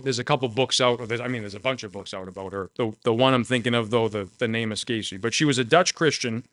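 A man preaching a sermon with earnest, emotional delivery, swinging between raised storytelling and quiet emphasis. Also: mid-range voice. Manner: earnest, emotional, tearful at moments.

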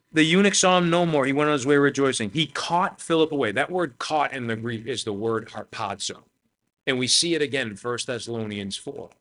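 A man's voice: medium pitch, pushed and bright. A man, the pastor, giving a conversational sermon to his church, talking casually with lots of "man" and "you know".

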